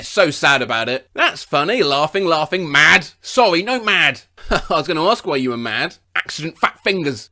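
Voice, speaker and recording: Male comedy host, high and lively voice, deadpan reader of funny texts with sudden jumps. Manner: deadpan delivery with sudden jumps in pitch and loudness. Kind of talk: reading funny texts and posts aloud.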